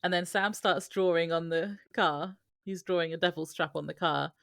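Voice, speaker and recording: A woman co-hosting a podcast in casual chat, recapping scenes slowly and laughing often. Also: fairly low pitch, fairly even intonation, gravelly, fairly bright tone, no room sound, clean studio sound. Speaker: podcast co-host.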